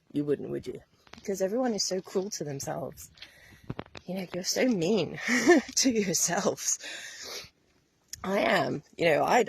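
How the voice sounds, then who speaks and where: A woman with a low, gravelly voice talks straight to her viewers about wellness. She is chatty and earnest, and she laughs often. A faint hiss sits under the recording. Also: a little mellow, rough recording. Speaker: wellness coach. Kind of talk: casual talk to camera.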